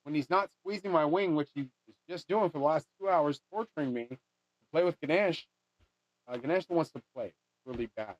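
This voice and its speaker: A man's voice: fairly high pitch, fairly quick, no echo. Rambling, swearing man with a lo-fi sound. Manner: rambling, swears a lot, trails off and restarts. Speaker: vlogger making a money charm. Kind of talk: rambling casual monologue. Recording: dull lo-fi dry sound.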